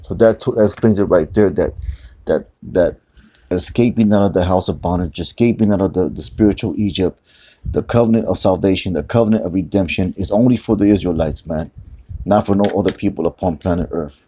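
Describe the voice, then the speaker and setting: A man's voice: low-pitched, fairly quick, dark tone. A man teaching scripture in a loose, conversational way, repeating words and often saying "man". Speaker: preacher. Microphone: phone screen recording.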